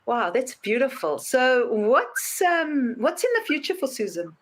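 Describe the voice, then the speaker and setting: A woman hosting a podcast interview, telling stories with lively acted-out voices. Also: high voice, a little slow. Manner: animated storyteller, acts out voices in anecdotes. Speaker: podcast host. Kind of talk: casual interview talk.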